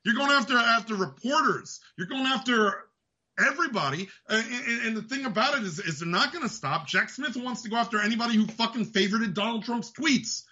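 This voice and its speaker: A man's voice: extremely high pitch, expressive, a little fast, sharp tone, lo-fi sound. A man hosting a show, delivering an angry, profane political rant. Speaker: host. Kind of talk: ranting political commentary.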